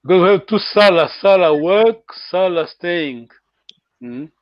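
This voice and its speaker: A man's voice: sits high, animated, a little slow, no echo, lo-fi sound. A man teaching a language class online, patiently correcting his students' pronunciation.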